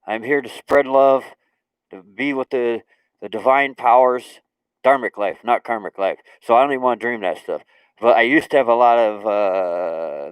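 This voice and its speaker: A young man hosting a casual spiritual livestream, rambling and repeating words, with lively asides and laughs. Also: lowish voice, smooth, no echo, low-quality recording. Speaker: livestream host.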